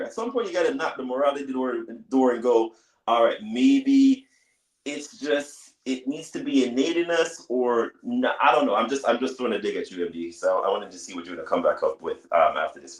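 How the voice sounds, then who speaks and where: A man in mid-pitch holds the floor on a podcast panel with a preachy, scolding rant. He trips over his words and repeats them as he pushes his point. The room around him rings with a noticeable echo.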